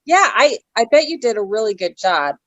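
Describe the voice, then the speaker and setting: A talkative woman guest speaks in a relaxed interview, drifting from one point to the next. Her voice sits at a middle pitch. It is recorded close and dry, with no room sound. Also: a little fast, no room sound, poor audio. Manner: chatty and digressive, loses her thread. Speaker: actress guest. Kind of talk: casual interview chat.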